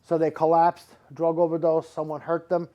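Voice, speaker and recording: On a lo-fi recording, a middle-aged psychic medium gives readings to a live audience at a moderate pace. Though his slightly high voice pours out rambling, emphatic runs full of repeated words, the delivery itself is completely flat.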